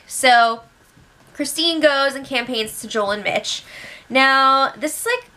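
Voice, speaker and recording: A woman's voice: high-pitched, slow, bright, forceful tone. A young woman hosting a casual recap, chatty and gossipy with lots of fillers. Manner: chatty, gossipy, many fillers and acted quotes. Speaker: show recap host.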